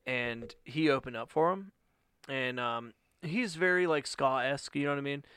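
A man telling stories in casual chat, animated and profane, acting out quotes loudly. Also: mid-range voice, moderate pace, clean tone, no room sound, clean studio sound.

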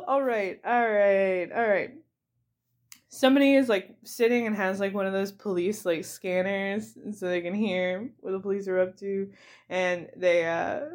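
A woman's voice: medium pitch, darkish tone. A young woman hosting a comedy podcast, recapping a movie in a rambling, giggly way with lots of fillers. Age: young adult. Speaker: podcast host.

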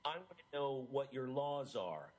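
A man's voice: medium pitch, sing-song, unhurried, rough recording. A middle-aged man, an interview guest, telling a personal story in an earnest, emotional way with frequent laughs.

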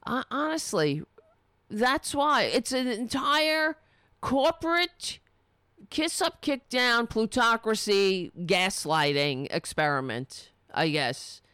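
A woman's voice: fairly high pitch, animated, slow pace, fairly bright tone, clean tone, no echo. A woman delivering an angry, sarcastic and profane political rant. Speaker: political commentator.

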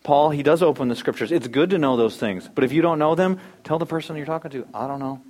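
A man delivering a sermon with a fairly high-pitched voice. He preaches emphatically, stressing key words and then dropping suddenly to a soft, low tone. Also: fast talker. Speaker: pastor.

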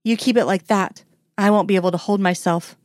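A woman voicing a male agent, a lover who keeps control, in a low, restrained murmur within a read-aloud romance story. Her voice stays close to her own. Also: fairly even intonation, fairly quick, darkish tone, no room sound, natural voice. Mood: intimate. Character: man, FBI agent lover, teasing and in control.

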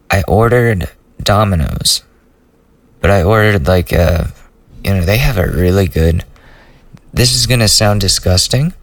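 A man's voice: lowish voice, no echo, far from the mic. A young man hosting a solo podcast, rambling loosely through a profane personal story in a casual way. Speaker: podcast host.

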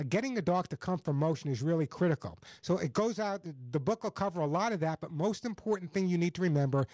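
High-voiced, dry-sounding energetic radio host. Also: male voice, dry recording. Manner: fast, energetic, repeats words when excited. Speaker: radio pet show host and dog trainer. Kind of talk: call-in radio advice. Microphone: studio microphone.

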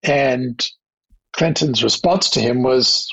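Gravelly older Australian man, storytelling. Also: mid-range voice, muffled recording. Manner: anecdotal, measured, with restarts. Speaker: guest, diplomat. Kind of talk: reflective interview storytelling.

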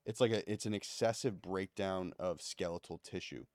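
A man hosts a podcast and asks laid-back, quick questions. His voice is very deep. The room sound is dry and close-miked. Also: steady tone, darkish tone, dry recording. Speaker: podcast host. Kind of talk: casual interview.

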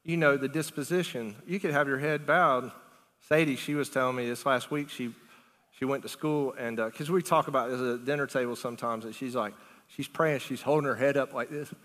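A middle-aged male pastor preaching a lively, conversational sermon, asking the congregation questions and laughing often. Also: medium pitch, fairly quick. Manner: animated, conversational preaching with big swings in loudness. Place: church sanctuary. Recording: long reverb of a church hall.

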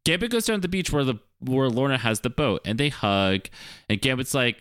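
A podcast co-host recapping an episode in casual chat, enthusiastic and quick to laugh. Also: clean tone, dry recording, studio quality. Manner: enthusiastic, very expressive pitch, laughs.

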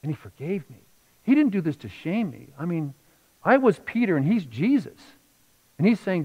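Male pastor, middle-aged, sermon voice that swings from soft to loud, lively pitch, slightly dull recording. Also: normal speed, pauses often, breathy edge. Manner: emotional storytelling, rising and falling between hushed and loud.

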